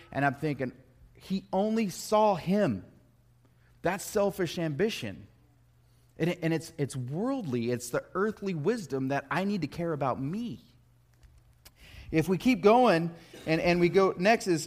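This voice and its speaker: Guy preaching, chatty and jokey, trips over his words, kinda high voice. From United States. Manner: conversational, joking asides, repeats words when starting. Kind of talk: sermon with personal stories.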